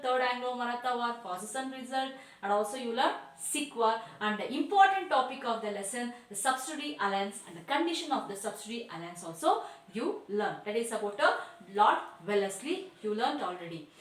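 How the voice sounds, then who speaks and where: A woman teacher with an Indian accent gives a classroom lecture to her students, slowly repeating and explaining each word. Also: high-pitched, a bit bright, echoey room, recorded from a distance, low-quality recording. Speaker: school teacher.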